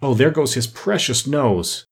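A man's voice: mid-range voice, expressive, a little slow, vocal fry, breathy edge, heavily acted. A man voicing Alice, a curious, polite little girl who keeps insisting earnestly.

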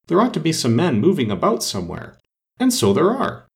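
A man's voice: mid-range voice, very animated, moderate pace. A man voicing a curious, polite young girl who talks eagerly and a little breathlessly in a storybook reading. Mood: delighted.

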